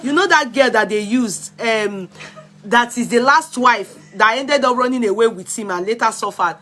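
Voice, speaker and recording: A woman's voice: a little high, moderate pace, a bit bright. A woman with a Yoruba-inflected Nigerian accent, chatting casually on a live stream and answering viewers' comments bluntly. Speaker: vlogger reviewing films.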